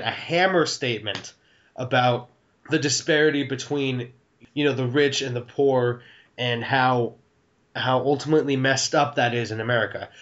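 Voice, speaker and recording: A man's voice: mid-range voice, a bit bright. Rambling man in dull lo-fi audio. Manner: rambling with many restarts and casual swearing. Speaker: podcast co-host. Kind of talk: casual film discussion.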